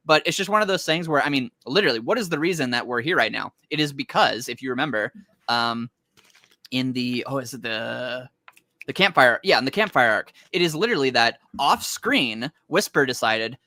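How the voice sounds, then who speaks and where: A man's voice: mid-range voice, expressive, fairly quick, pushed and bright, dry recording. A young man co-hosting a casual chat about comics, rambling and laughing as he talks. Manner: rambling, laughing, self-interrupting. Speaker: podcast co-host.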